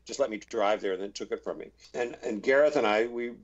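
A middle-aged man, an actor, telling rambling anecdotes in a relaxed interview and acting out the voices of people he quotes. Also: on the low side, a little fast. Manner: chatty, many restarts, acts out quoted voices. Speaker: actor guest. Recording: slightly dull, muffled audio.

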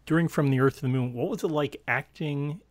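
A man's voice: fairly high pitch, a little fast, dry recording. A male interviewer asking a guest questions in a casual way, restarting his sentences. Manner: asks with hesitant restarts.

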